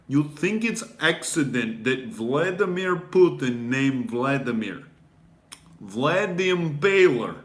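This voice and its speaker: A scheming, centuries-old Russian vampire, as a comedian puts him on, with a heavy put-on Russian accent and a higher, bright voice. He gloats and menaces, and his voice rings in an echoey room. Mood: mock-serious.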